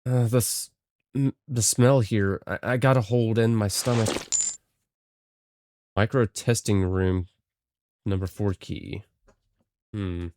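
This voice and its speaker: A man's voice: lowish voice, fairly even intonation, slow, long pauses, darkish tone, slight background noise. A man playing a horror game, reading the text aloud with hesitant muttered asides. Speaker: game streamer.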